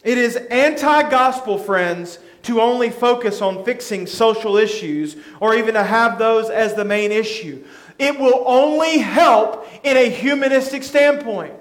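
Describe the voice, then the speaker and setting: A man preaching a sermon as pastor, earnest, slowing down to stress scripture. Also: extremely high pitch, echoey room.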